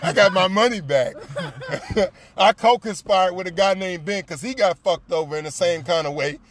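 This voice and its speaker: A man telling a story in casual chat, animated and profane, laughing often and repeating lines for emphasis. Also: high-pitched, normal speed, dry recording.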